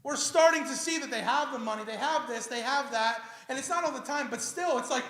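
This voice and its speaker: A man preaching a sermon as a pastor, in a casual, slangy and animated way. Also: very high-pitched, fairly quick, few pauses. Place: church sanctuary. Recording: echoey church hall.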